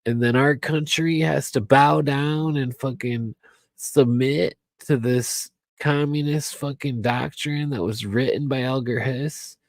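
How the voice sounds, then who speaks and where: A man's voice: medium pitch, fairly even intonation, slow pace, creaky, no room sound. A tipsy man rambling on his radio show, profane and repetitive, circling back to the same points. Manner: profane, rambling, repeats himself. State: tipsy from alcohol. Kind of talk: rambling late-night talk radio monologue.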